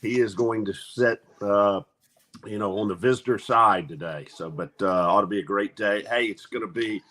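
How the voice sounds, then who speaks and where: A man's voice: fairly low pitch, normal speed, sharp tone. A man, an athletic director, talking in an upbeat, speechmaking way on a sports show. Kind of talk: casual sports talk.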